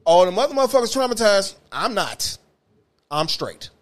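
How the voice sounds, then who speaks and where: Animated, profane Detroit man telling stories. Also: high voice, normal speed. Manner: animated, profane, swings from loud to muttered. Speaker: podcast host, former bus driver. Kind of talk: casual storytelling chat.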